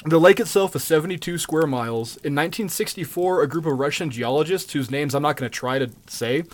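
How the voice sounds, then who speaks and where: Male podcast host, slightly high voice, loose and profane storyteller, lots of ums. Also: a little fast. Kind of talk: casual chat, storytelling.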